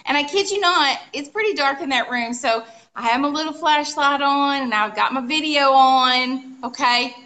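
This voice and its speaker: Woman co-host, lively storyteller with sound effects, high voice, bright tone. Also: normal speed, hardly any pauses. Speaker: co-host of a live furniture painting show. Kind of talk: casual storytelling chat.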